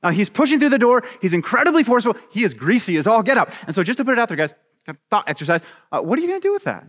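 A man preaching a sermon as a pastor, animated and acting out little scenes with voices. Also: high-pitched, rapid-fire, in a large hall.

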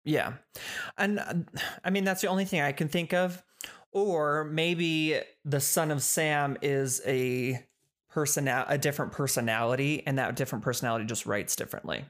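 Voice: mid-range voice, moderate pace. A podcast host narrating a case in a casual, chatty way, explaining and correcting themselves as they go.

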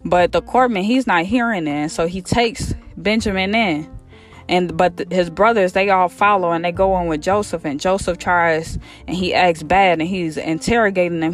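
A man retelling a Bible story in a casual, lively way, acting out the characters' lines in slang and repeating himself as he goes. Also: sits high, moderate pace, faint music behind. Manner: animated, acts out quotes in slang, repeats himself. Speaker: podcast storyteller.

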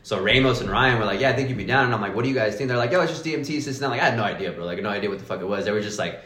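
A man's voice: lowish voice, rapid-fire, fairly bright tone. A man telling stories in a casual podcast chat, full of slang, swearing and "like" fillers. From Mexican roots. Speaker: podcast guest. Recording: echoey room.

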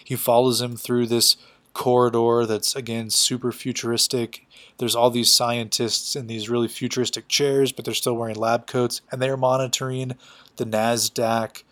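A man retells a comic book plot in a loose, chatty way, leaning on fillers as he goes. His voice stays flat and even, with little rise and fall. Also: medium pitch, normal speed. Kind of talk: casual storytelling recap.

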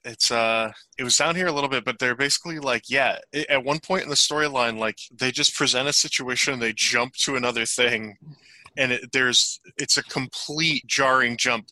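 A man's voice: mid-range voice, steady tone, moderate pace, bright, forceful tone, dry recording. A man co-hosting a casual chat show, hesitant and filler-heavy as he looks things up and reads them out. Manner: hesitant, many fillers while reading. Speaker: podcast co-host.

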